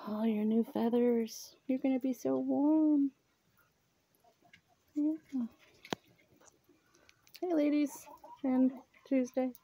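A woman talks slowly and fondly to her hens in a mellow, rather high voice, often dropping to a soft murmur. She is outdoors in a chicken yard, filmed on a handheld camera, and a faint hiss sits under her words. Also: little pitch movement. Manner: coos and scolds her birds softly, often murmuring. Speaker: vlogger tending her chickens. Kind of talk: casual talk to animals.

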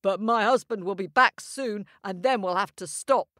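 A woman's voice: medium pitch, moderate pace, fairly bright tone, dry recording, studio quality, lightly acted. A woman storyteller voicing a giant's wife, a big cheerful woman who begs sweetly for more music. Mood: agreeable.

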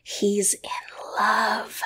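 A flamboyant young witch who loves attention speaks in a confiding, self-assured tone, as a woman reading a story puts her on. Her voice stays close to an everyday middle pitch. She comes from a storybook reading. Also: measured pace, vocal fry.

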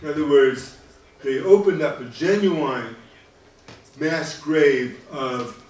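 A man's voice: on the high side, darkish tone. Man lecturing in an echoey hall. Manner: measured, halting delivery with many fillers. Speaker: history lecturer. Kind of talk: public lecture. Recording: echoey hall, mic at a distance.

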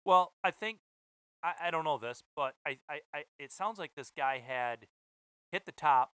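A man's voice: on the high side, moderate pace, sharp tone, clear, resonant tone, no echo. A man co-hosting a casual podcast, telling rambling, hesitant stories full of asides. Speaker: podcast co-host.

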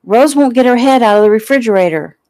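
Woman doing a whiny little storybook girl, high and loud, close and dry. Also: quick pace, no room sound, natural voice.

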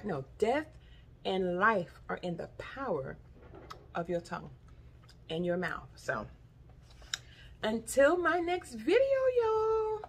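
A woman's voice: medium pitch, breathy edge. Chatty woman tasting snacks. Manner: chatty and expressive, says "y'all" often; talks with her mouth full while chewing. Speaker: vlogger. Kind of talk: casual haul vlog, taste-testing.

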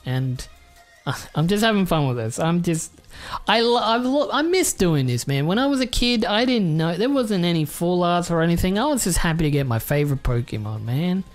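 Excitable swearing Australian guy. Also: sits high, moderate pace, faint music behind. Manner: excitable, swears freely, rambling. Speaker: YouTuber. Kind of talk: casual card-unboxing chat.

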